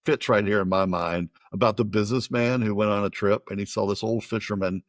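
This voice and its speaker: A man's voice: fairly low pitch, fairly even intonation, fairly quick, no echo. An American man hosting a podcast, chatting casually and rambling, often repeating words as he starts a sentence. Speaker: podcast host.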